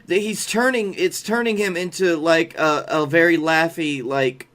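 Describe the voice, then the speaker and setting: A man's voice: fairly high pitch, fairly even intonation, unhurried, fairly bright tone. Wry man rambling in podcast chat. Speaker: podcast co-host. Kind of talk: casual chat.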